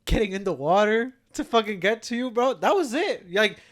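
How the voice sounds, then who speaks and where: Male podcast co-host, high and lively pitch, quick teasing interjections. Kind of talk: casual chat.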